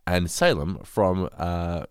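A man's voice: sits low, takes it slowly, a little mellow, clear, resonant tone, dry recording, studio quality. A man, co-hosting a podcast in a chatty, laughing manner. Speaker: podcast co-host. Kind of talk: casual chat.

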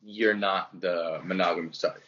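A man's voice: low voice, fairly even intonation, unhurried, a bit bright. A man co-hosting a casual comedy podcast, teasing his friend with dry quips and short reactions. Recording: slightly dull lo-fi audio.

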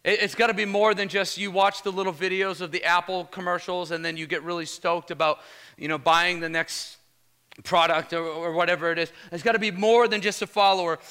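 A male pastor preaching a lively sermon, energetic and casual, calling out "Amen?" to the congregation. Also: high voice, brisk, clear, resonant tone. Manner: energetic, casual slang, repeated "Amen?" calls.

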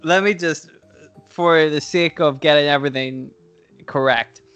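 Higher-voiced male podcast co-host, rambling and profane, dry close sound. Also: fairly even intonation, a little slow, fairly bright tone, clean tone, dry recording, soft background music. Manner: rambling, profane, laughs at own jokes. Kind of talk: casual podcast chat, improvised storytelling.

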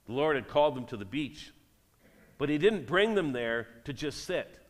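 A man's voice: a little high, lively intonation, moderate pace. Man preaching with a long hall reverb. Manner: reads scripture aloud, then talks directly to the congregation. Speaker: pastor. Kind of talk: sermon.

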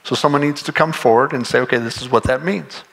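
A man preaching a sermon as pastor, in a conversational, animated way, acting out imagined voices. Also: medium pitch, fast, vocal fry.

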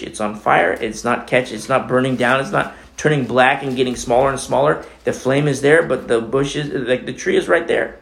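A man's voice: mid-range voice, vocal fry, reverberant. A man preaching a conversational sermon as the pastor of a church, talking through a scripture passage with casual asides.

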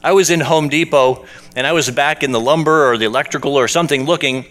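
A man's voice: a little high, fast, a bit bright. A man preaching a sermon in a conversational storytelling way, asking the congregation questions as he goes. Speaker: pastor.

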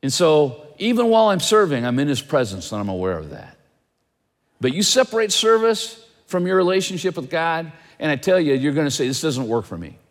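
A male pastor preaching a sermon in an animated way, asking his listeners question after question. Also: on the high side, fairly quick, long reverb tail.

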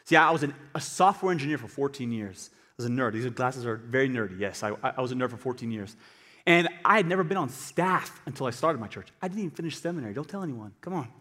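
A male pastor giving an animated sermon, swinging between quiet asides and loud emphatic bursts. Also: mid-range voice, quick pace. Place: church hall. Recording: long hall reverb.

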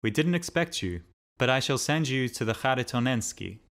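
A man's voice: medium pitch, lively intonation, normal speed, fairly bright tone. A man reading an audiobook, voicing a stiff young male official secretary with polite, formal speech. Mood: politely regretful.

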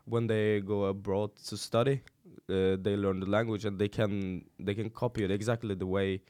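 A young man from Turkish Kurdistan speaking English with a Norwegian-influenced accent, joking and laughing a lot with halting restarts as a podcast guest. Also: lowish voice, flat delivery, darkish tone, no room sound. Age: young adult. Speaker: guest comedian. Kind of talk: casual podcast chat. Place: studio.

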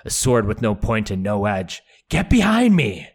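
A man's voice: on the low side, sing-song, moderate pace, slightly rough. A man reading out the lines of a reckless young nobleman knight, whose speech is clipped and urgent.

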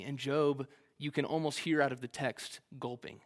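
A man preaching a conversational sermon, retelling scripture in a relaxed, slangy way with playful asides. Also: medium pitch, normal speed.

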